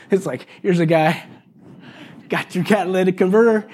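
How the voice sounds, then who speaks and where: A man's voice: high voice, moderate pace, darkish tone. A male pastor preaching a sermon to a congregation, in a chatty style with frequent "okay" and "right?" asides, acting out quoted exchanges with his neighbor. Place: church service before a congregation.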